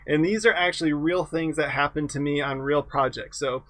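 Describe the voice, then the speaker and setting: A man's voice: a little high, steady tone, normal speed, a bit bright, dry recording. A middle-aged man lecturing an engineering exam review, conversational and self-correcting, with wry humor about past projects. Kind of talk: lecture with anecdotes.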